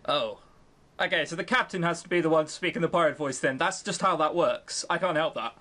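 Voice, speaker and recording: Pausing often at a moderate pace, a young streamer with a mid-range voice and sharp tone reads a visual novel aloud and jokes about it sarcastically. The let's-play host is in a home room on webcam, close to a desk mic.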